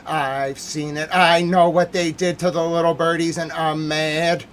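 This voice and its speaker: Livestream host, male, fairly high voice, worn hoarse, loud repetitive rants. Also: flat delivery, a little slow, hardly any pauses, slight background noise. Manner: agitated, loud and repetitive, swings between yelling and muttering. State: hoarse from yelling. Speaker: livestream news commentary host. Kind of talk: ranting livestream commentary.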